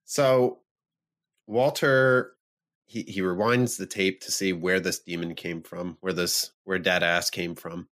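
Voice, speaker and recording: A man co-hosting a podcast, walking through the plot in a low-ish voice. He is lively and laughs easily, in casual banter with his friends. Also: slow pace. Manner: animated, laughs often, recaps the plot. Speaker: podcast co-host. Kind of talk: casual chat recapping a film.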